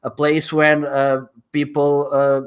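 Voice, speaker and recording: A man's voice: fairly high pitch, monotone, slow pace, clear, resonant tone. Hesitant man from Portugal, muffled audio. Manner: searches for words, hesitant, many restarts. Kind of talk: casual group chat on a video call.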